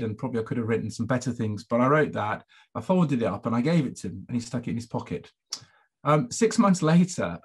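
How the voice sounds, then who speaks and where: Husky, hesitant middle-aged man speaker. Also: medium pitch. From England. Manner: hesitant, many fillers and repeated words. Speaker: conference speaker, former head teacher. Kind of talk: reflective storytelling talk.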